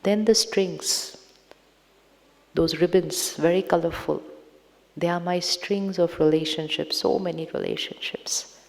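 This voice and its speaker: A woman with an Indian accent giving a slow meditation lecture as a spiritual teacher, repeating her lines and asking the audience questions. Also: on the low side, fairly even intonation, vocal fry, a little mellow. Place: large lecture hall. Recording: long hall reverb.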